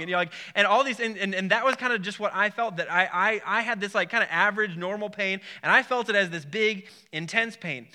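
A man's voice: high-pitched, fast, few pauses, sharp tone. A man in his thirties preaching a sermon, telling a personal story in a rambling way, often repeating words and restarting. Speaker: pastor.

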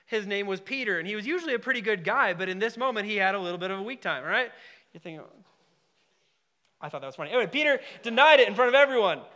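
Bright-voiced, animated male pastor preaching. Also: high-pitched, fast talker. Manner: conversational, emphatic, with asides to the congregation. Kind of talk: sermon.

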